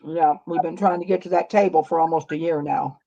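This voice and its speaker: A woman's voice: low voice, fairly even intonation, fairly quick, dark tone, no room sound, muffled recording. A woman co-hosting a live sale, reading out bids and bantering in a folksy way.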